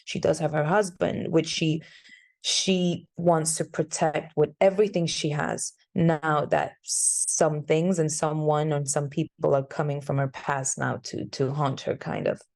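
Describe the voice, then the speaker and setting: Woman with a lowish voice. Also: steady tone, unhurried, vocal fry, a little mellow. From Sweden. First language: Swedish. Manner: chatty, searching for words. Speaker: actress, interview guest. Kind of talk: casual interview answers.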